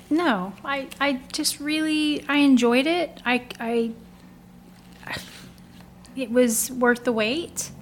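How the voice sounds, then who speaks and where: Higher-voiced woman chatting about a book, emphatic, lots of likes and you knows. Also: very slow, pauses often, a little hiss or hum. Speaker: book discussion guest. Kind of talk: casual book club chat.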